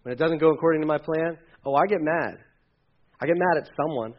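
A middle-aged male pastor preaching a sermon in an animated, conversational way, with humor. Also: on the high side, fairly quick, dull audio.

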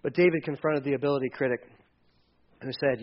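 A man preaching a sermon, animated and jokey, acting out a Bible story in voices. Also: mid-range voice, brisk, muffled recording.

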